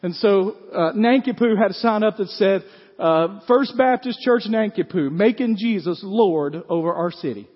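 A middle-aged man delivers a folksy sermon in a high voice. He keeps turning to the congregation with quick questions. The recording is dull and carries a long church reverb. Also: breathy edge. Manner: folksy, talks to the congregation with frequent "right?". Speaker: pastor. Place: church sanctuary.

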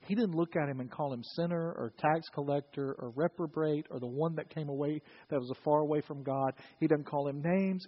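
A male pastor with a slightly high, husky voice preaches in a conversational, storytelling style laced with wry humor. The church recording sounds dull and reverberant.

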